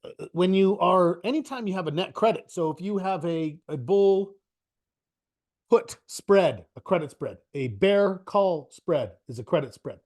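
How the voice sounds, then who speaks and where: A man teaches options trading in a relaxed live online class, trading quips and wandering into asides. His voice sits slightly high for a man, and he keeps a chatty, good-humored rhythm throughout. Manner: joking, chatty, rambling asides.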